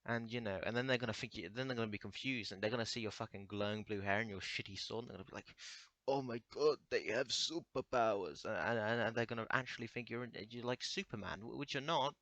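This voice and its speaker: A young man talks through a crude comedic monologue. He rambles, stammers and restarts his sentences over and over. His voice is bright and sharp, recorded close and dry with no room sound. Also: lowish voice, fairly even intonation, fast, few pauses, no room sound.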